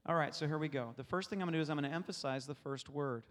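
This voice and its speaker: Earnest preaching man in a reverberant hall. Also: a little high. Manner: earnest, emphatic, slows to a soft hush when meditating. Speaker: pastor. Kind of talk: sermon with guided scripture meditation.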